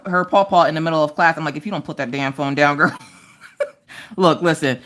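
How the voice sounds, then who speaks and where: A woman in her thirties hosting a casual livestream, telling family stories with frequent laughter. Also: lowish voice. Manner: animated, laughs often while telling stories. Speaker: livestream host. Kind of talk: casual storytelling chat.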